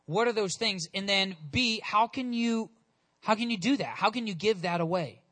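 Young male preacher, high bright voice, energetic conversational sermon delivery. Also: normal speed. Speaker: pastor.

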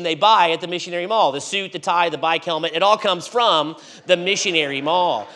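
A man preaching in a church, telling a story with animated swings between loud and hushed delivery. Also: high voice. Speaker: guest preacher. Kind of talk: storytelling sermon.

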